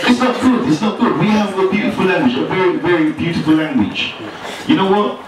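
Male stand-up comic, high and animated, roomy distant bar recording. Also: fairly quick. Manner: animated, playful, slips into exaggerated Jamaican-style lines. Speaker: stand-up comedian. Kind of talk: stand-up comedy set. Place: lounge bar with live audience. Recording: echoey bar room, far mic, noisy.

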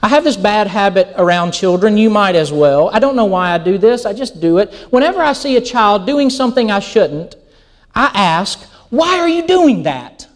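A middle-aged male pastor delivers a sermon with a high, lively voice that swings widely in pitch. He tells everyday stories and acts out the quoted dialogue. His delivery is animated and conversational. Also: moderate pace.

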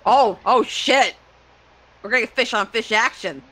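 A woman's voice: a little high, normal speed, low-quality recording. A woman co-hosting a film riff, making crude, mocking jokes in casual chat. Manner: crude, joking. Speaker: co-host.

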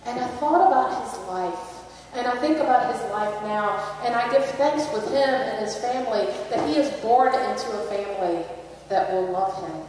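A woman's voice: on the high side, normal speed, darkish tone, slight background noise. A woman pastor giving a Christmas Eve sermon, telling a story in a conversational way. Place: large church sanctuary. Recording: echoey church hall, distant mic.

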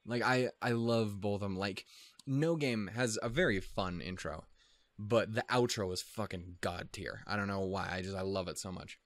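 A man's voice: on the low side, moderate pace, no echo. A man hosting an anime reaction video, rambling casually in a profane, self-deprecating and easily flustered way.

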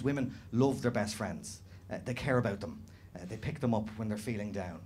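A man doing animated stand-up storytelling on a comedy club stage, slipping into other people's voices. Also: mid-range voice, slight background noise. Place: comedy club stage before a live audience. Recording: live room with audience laughter.

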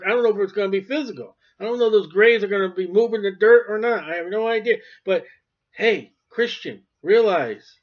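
A high-pitched man preaches a sermon, hammering points loudly and then dropping to near-murmurs. The recording is dull and lo-fi, with the top end rolled off. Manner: emphatic, swings between loud and quiet.

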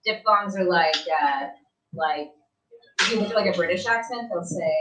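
A woman's voice: lowish voice, moderate pace, background noise. A woman from the Los Angeles area chatting in a bubbly way, with lots of "like". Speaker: voice actor signing autographs. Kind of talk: casual chat. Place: outdoors by a pool. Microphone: laptop microphone. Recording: echoey, distant mic, crowd behind. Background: crowd chatter.

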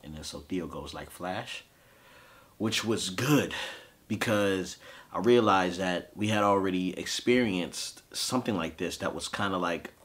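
A man in his thirties, a podcast host, telling a personal story of grief in a halting, emotional way with frequent fillers. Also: sits low, fairly bright tone. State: grieving.

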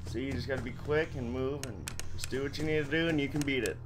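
A man hosting a gaming channel, giving excitable let's-play commentary to his viewers. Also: medium pitch, fast talker, background noise. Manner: excitable, talks to viewers, shouts when winning.

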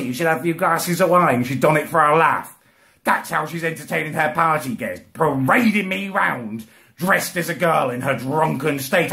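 A man delivering an indignant comic rant, swearing and climbing high in pitch as he gets outraged. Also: normal speed, gravelly, bright, forceful tone. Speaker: comedy ranter.

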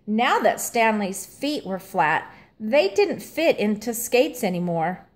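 Slow gentle woman reading a storybook. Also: medium pitch, sing-song. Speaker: storybook reader. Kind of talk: children's storybook read-aloud.

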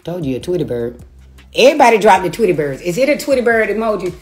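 A woman with a lowish voice speaks fast, her pitch swinging widely, while faint music plays. On a phone livestream from her rented home, she launches a profane, taunting rant, laughing between the insults.

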